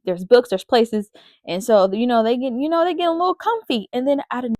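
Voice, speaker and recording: A woman's voice: sits high, expressive, fast, a little mellow, no room sound. A woman host retelling a story in a chatty, casual way, with many fillers. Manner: chatty, full of fillers like "like" and "you know". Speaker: podcast host.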